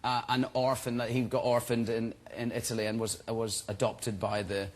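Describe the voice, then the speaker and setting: A man in his thirties, guest on a chat show, telling stories in a relaxed, chatty way and laughing as he goes. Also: medium pitch, normal speed. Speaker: guest actor. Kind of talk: casual chat-show interview.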